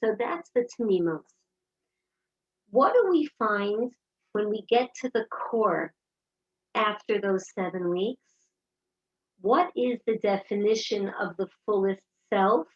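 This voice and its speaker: Woman speaker, husky and fairly high, lively storyteller, dull lo-fi sound. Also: unhurried, long pauses. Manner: animated storyteller acting out dialogue. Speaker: speaker giving a Torah talk. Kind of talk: inspirational talk with personal stories. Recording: dull lo-fi recording.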